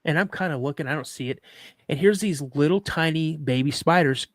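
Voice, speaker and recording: Joking middle-aged man hosting, higher voice. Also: brisk, dry recording, studio quality. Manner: rambling, joking, restarts sentences. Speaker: podcast host. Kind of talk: casual chat and reading a listener's story aloud.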